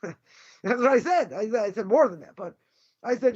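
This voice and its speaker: A rabbi giving a Torah lecture, blunt, combative and sarcastic. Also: male voice, very high voice, lively intonation, moderate pace, pauses often, darkish tone, slightly rough. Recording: dull lo-fi recording.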